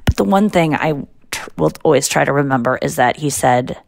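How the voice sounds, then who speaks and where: A woman in her forties hosts a podcast in casual conversation, her voice low and gravelly. She tells stories with lively quick impressions of the people in them. The sound is close and dry. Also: no echo. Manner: animated storytelling, quick impressions of others. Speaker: podcast host. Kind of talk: casual chat.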